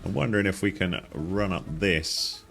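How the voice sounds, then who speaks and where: A man's voice: sits low, moderate pace, creaky, fairly bright tone, soft background music. A man giving casual commentary on a game he is playing, chatty and easily delighted, with frequent exclamations. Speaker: gaming guide host.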